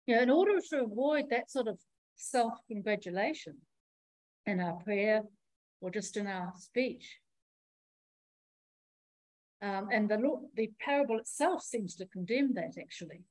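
A woman preacher giving a sermon in a measured, reflective teaching manner, pausing often as she explains. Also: medium pitch, expressive, a little mellow, no echo, poor audio.

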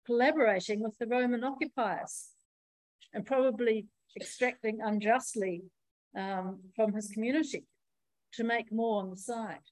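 Woman preaching a calm sermon. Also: fairly high pitch, dry recording, poor audio. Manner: measured, reflective teaching with pauses.

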